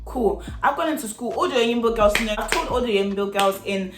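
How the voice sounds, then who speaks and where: A young woman telling a storytime vlog in an animated, slangy, chatty way. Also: a little high, a little fast, roomy sound, music in the background. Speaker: vlogger.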